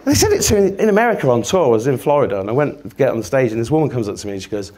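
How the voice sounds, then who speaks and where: A man's voice: medium pitch, very animated, very fast, over a noisy crowd, heavy background noise. A man, giving a sweary, rambling, self-mocking comic talk to a live audience. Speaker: podcast host giving a talk.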